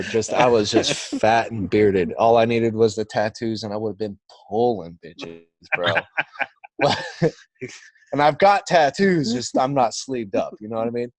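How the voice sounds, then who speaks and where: A man's voice: on the low side, no echo. A man telling a story as a podcast guest, swearing freely and acting out the quotes. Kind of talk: casual storytelling.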